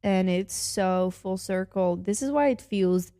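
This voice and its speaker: A young adult woman hosting a podcast, giving casual, gushing reaction commentary full of excited exclamations. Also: medium pitch, unhurried. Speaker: podcast host.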